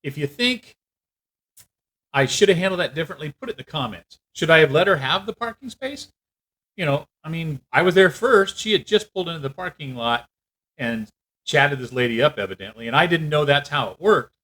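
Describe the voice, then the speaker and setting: A man telling a story in a casual rant, animated and acting out what other people said. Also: fairly high pitch, brisk, rough recording. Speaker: vlogger.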